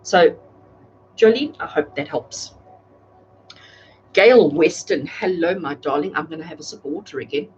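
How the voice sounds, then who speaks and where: A woman with a fairly low voice gives tarot readings live, speaking warmly to viewers by name. The sound is dull and lo-fi, with faint noise underneath. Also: lively intonation, normal speed, pauses often. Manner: warm, chatty, addresses viewers by name. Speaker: tarot reader. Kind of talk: live-streamed psychic reading. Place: home, speaking live to a camera.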